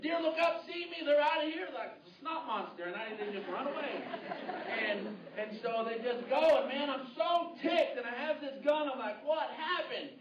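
A man preaching a sermon as pastor, telling a story with lively, shouted bursts. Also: extremely high pitch, a little hiss or hum. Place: church hall. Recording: roomy, muffled, distant hall audio.

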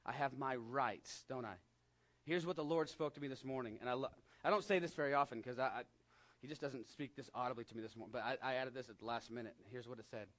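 With a mid-range voice and a quick pace, this West Texas pastor delivers his sermon in a conversational style. He swings between emphatic high points and quiet, hushed asides.

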